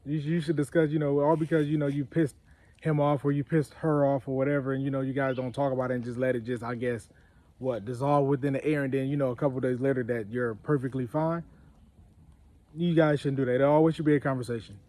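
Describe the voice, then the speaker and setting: A man's voice: medium pitch, fairly even intonation, fast talker, dark tone. A man co-hosting a casual couple's chat show, talking in a laid-back, rambling way as he gives advice to viewers. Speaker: co-host.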